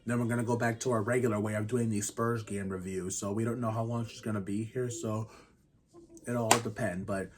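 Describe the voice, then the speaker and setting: A man in his thirties hosting a casual basketball review vlog, rambling and restarting often and keeping his voice quiet. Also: on the low side, steady tone, brisk. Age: 30s. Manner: speaks quietly to keep the noise down. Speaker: channel host reviewing basketball games.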